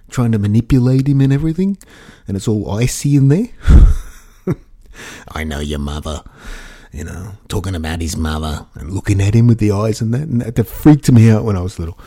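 A male vlogger with a dark, mid-range voice rambles through stories in a casual monologue. Chatty and amused, he keeps tossing in "you know" and chuckles while he talks.

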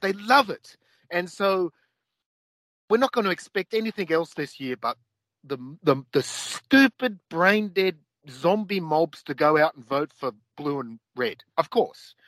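A man's voice: high-pitched, lively intonation, a little slow, fairly bright tone, dry recording, low-quality recording. Ranting Australian man, dry sound. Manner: profane, heated and repetitive. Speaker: podcast co-host. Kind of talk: ranting casual talk.

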